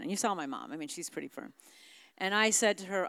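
A woman's voice: mid-range voice, expressive, fast, a bit bright, smooth, no room sound, clean studio sound. A middle-aged woman speaking frankly and candidly about her family as a guest in a conversation. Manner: frank, confessional.

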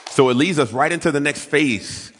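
A man preaching a sermon, telling his story and acting out quoted voices with big swings in pitch. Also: normal speed, a bit bright, long reverb tail. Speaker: pastor.

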